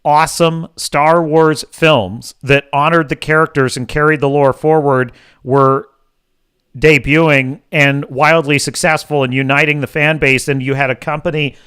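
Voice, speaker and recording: A man's voice: fairly high pitch, fairly even intonation, measured pace, a bit bright, clear, resonant tone. A male host giving sarcastic, mocking livestream commentary.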